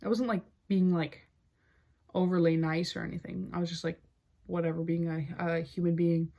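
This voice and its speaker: A young woman with a slightly low-pitched voice tells a story on her podcast in a relaxed, chatty flow. Filler words pile up between her wry asides, and she keeps an amused storytelling tone throughout. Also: moderate pace, vocal fry. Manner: chatty, heavy use of "like" fillers. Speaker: podcast host. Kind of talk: casual storytelling chat.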